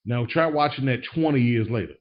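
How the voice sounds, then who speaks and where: On a dull, lo-fi recording, a podcast host speaks fairly quickly in a medium-pitched voice. He seems a little tipsy, rambling casually with slang and frequent restarts.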